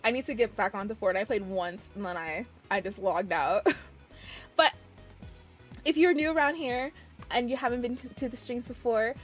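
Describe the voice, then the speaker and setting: Bubbly high-voiced woman streamer. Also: moderate pace, faint music behind. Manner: bubbly, gushing, frequent giggles and restarts. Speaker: variety streamer. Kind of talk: casual live-stream chat with viewers.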